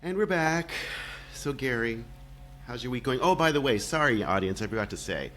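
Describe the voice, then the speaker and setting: A man's voice: medium pitch, big pitch swings, moderate pace. A man in his sixties co-hosting a podcast in casual chat, chatty and self-deprecating. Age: 60s. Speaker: podcast co-host.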